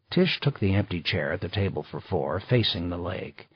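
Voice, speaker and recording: A man reading audiobook narration in an even, measured way. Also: low voice, breathy edge, no room sound. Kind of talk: scripted narration. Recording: slightly dull dry recording.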